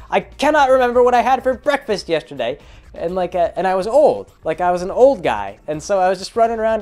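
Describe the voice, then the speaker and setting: A man's voice: fairly high pitch, darkish tone. Rambling man with faint music behind. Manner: rambling, amused, many fillers. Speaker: storyteller. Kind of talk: casual storytelling vlog.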